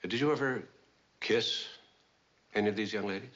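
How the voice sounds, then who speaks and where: A man playing a calm, deep-voiced Navy lawyer. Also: normal speed, close to an everyday voice. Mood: probing. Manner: calm and probing. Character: calm, shrewd male naval commander. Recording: dull old TV sound.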